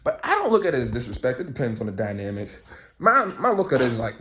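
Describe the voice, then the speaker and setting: Animated young man ranting. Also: medium pitch, fast talker. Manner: animated, profane, rambling storyteller. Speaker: vlogger. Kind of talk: casual rambling rant to camera.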